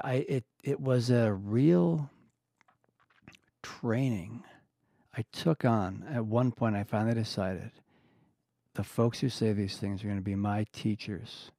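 A man's voice: on the low side, warm tone, no room sound, clean studio sound. A man talking openly as a podcast guest in casual, colloquial speech, acting out the remembered exchanges he describes. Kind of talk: candid podcast conversation.

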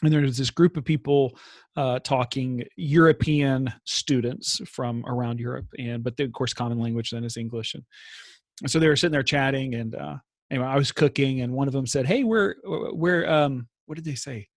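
A man's voice: mid-range voice, level tone, brisk, dry recording. A man from Texas co-hosting a podcast, telling rambling stories in casual chat with frequent laughs and restarts. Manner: rambling storyteller, laughs often, lots of restarts and fillers. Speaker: podcast co-host. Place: lives in Sweden.

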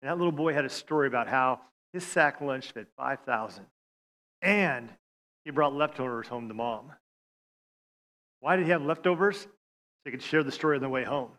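A man preaching a sermon, stammering on restarts and swinging from loud appeals to hushed lines. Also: a little high, animated, a little fast. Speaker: pastor.

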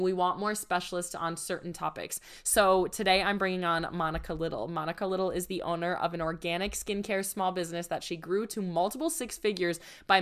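A woman hosting a business podcast, hoarse and nasal from a cold, talking in an upbeat, chatty, emphatic way. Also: fairly low pitch, pushed and bright. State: hoarse and congested from illness. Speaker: podcast host. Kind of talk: casual podcast chat.

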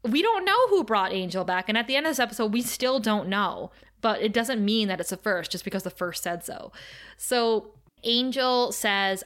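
A woman talking casually on a podcast, recapping a TV episode with lively energy. She reads the characters' lines aloud as she goes and breaks into laughs now and then. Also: mid-range voice, normal speed. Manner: animated, retells scenes by reading quotes aloud, laughs often. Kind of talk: casual chat, reading out scene dialogue.

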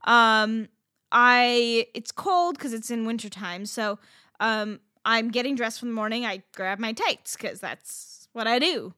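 Bright, animated woman telling a story. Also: fairly high pitch, measured pace, clear, resonant tone, no room sound, studio quality. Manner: animated storytelling with frequent swearing and fillers. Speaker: podcast co-host. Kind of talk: casual chat.

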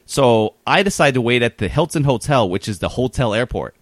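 A man's voice: mid-range voice, a little fast, no echo. Man spinning a rambling anecdote, lots of "uh" and "whatnot", dry mic. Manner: rambling, animated, many fillers. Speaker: guest telling a story. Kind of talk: casual storytelling.

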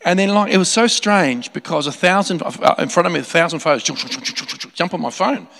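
A man preaching a sermon, telling a story in an animated way with laughing asides and many restarts. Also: high-pitched, fast talker, vocal fry. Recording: long hall reverb.

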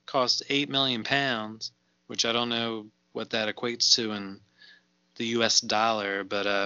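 A man's voice: medium pitch, bright, forceful tone, clear, resonant tone, dry recording, lo-fi sound. A man co-hosting a casual movie podcast, laughing often and reading out figures with fillers. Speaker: podcast co-host.

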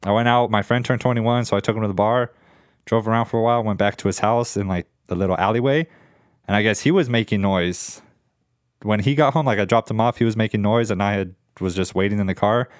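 A man's voice: lowish voice, fast talker, no room sound, clean studio sound. A man in his twenties telling a rambling, profane story in casual chat. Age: 20s.

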